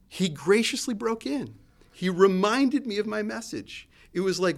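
Animated conversational man preaching. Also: moderate pace, vocal fry. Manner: conversational, searching, with restarts and lively swings in pitch and loudness. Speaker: pastor. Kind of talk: sermon.

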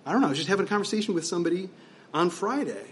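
A man's voice: high-pitched, expressive, racing, a little hiss or hum. A man preaching as pastor, conversational and emphatic, asking his listeners rhetorical questions. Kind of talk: sermon.

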